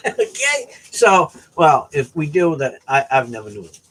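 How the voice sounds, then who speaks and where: A man from the US East Coast telling a casual fishing story, animated and often checking in with "right?". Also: fairly high pitch, takes it slowly, raised voice, very noisy. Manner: animated, keeps asking "right?". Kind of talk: casual anecdote.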